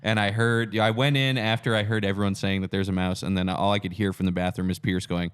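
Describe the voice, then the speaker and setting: A man's voice: lowish voice, little pitch movement, fast talker, smooth. A man in casual podcast chat, adding short dry remarks.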